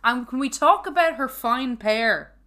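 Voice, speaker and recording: A woman co-hosting a podcast, chatting casually and jokily about a reality show episode, full of slang and quick to laugh. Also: sits high, expressive, bright, forceful tone. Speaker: podcast co-host. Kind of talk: casual recap chat.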